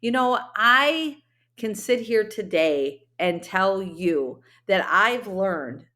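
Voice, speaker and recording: A woman's voice: mid-range voice, lively intonation, takes it slowly, sharp tone. A woman hosting a solo podcast, talking in an earnest, heartfelt and chatty way with plenty of fillers. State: briefly emotional. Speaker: podcast host. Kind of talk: solo motivational podcast talk.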